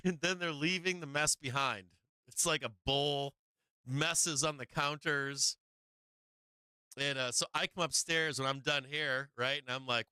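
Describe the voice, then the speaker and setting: Middle-aged male streamer, bright and clean tone, dry close mic, rambling storyteller. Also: medium pitch, fairly even intonation, measured pace, clean tone, dry recording. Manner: rambling, laughs often, acts out family voices. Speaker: stock market livestream host. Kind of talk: casual livestream storytelling.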